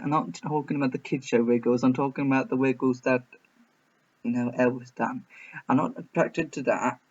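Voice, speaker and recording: A man reviewing a film in a casual reaction video, rambling and hesitant with many restarts. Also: mid-range voice. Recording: slightly muffled.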